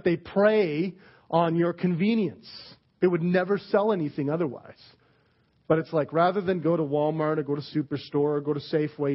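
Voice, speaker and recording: Joking pastor, higher voice. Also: male voice. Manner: candid, joking, acts out quoted people. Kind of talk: casual conversational sermon. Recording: dull lo-fi sermon recording.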